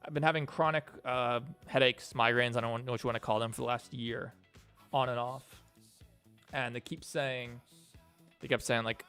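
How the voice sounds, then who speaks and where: A man's voice: medium pitch, fairly quick, a bit bright, clean tone, soft background music. A man livestreaming while he builds a game, chatting and thanking donors as he works. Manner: rambling, thanks donors mid-work. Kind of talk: casual livestream chat.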